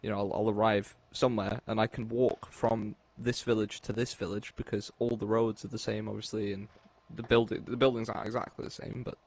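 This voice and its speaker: A man's voice: fairly low pitch, level tone, brisk, creaky, hardly any pauses. An English man chatting casually on a podcast, laid-back and rambling, chuckling often. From England. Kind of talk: casual chat.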